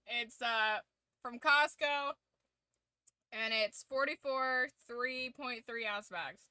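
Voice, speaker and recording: A woman's voice: fairly high pitch, very slow, long pauses, sharp tone, no room sound. A woman streamer chatting casually to her viewers, laughing often and swearing freely. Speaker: streamer hosting a watch-along. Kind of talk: casual chat.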